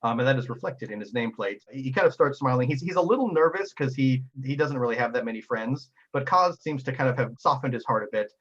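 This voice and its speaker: A man's voice: medium pitch, fairly bright tone, breathy edge, dull audio. A man narrating as game master, rambling and laughing as he goes. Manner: rambling, laughing, full of restarts.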